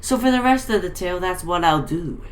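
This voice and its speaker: A woman's voice: fairly low pitch, animated, brisk. A woman reading a rhymed comic story aloud in a crude, profane, ranting manner.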